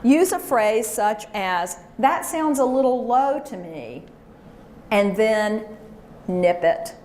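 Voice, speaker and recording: Lady running a workshop, fairly high voice, peppy coaching, echoey room with faint hum. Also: slow pace. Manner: energetic and coaching, with call-and-response chants. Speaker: speaker leading a workshop. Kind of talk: lively workshop talk to a live audience. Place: large room with an audience.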